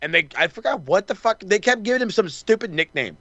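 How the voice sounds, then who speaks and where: A man's voice: sits high, sing-song, fast talker, bright, forceful tone, no echo, muffled recording. A man co-hosting a wrestling podcast, rambling through a casual recap, swearing freely and acting out the wrestlers' lines. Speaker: podcast co-host.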